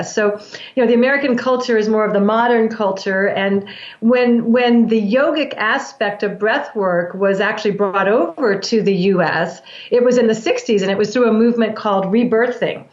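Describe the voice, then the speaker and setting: A woman's voice: a little high, normal speed. Earnest woman explaining breath work. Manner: earnest, teaching, many restarts. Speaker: breath work practitioner, show guest. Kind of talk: explanatory interview talk. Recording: roomy, dull lo-fi sound.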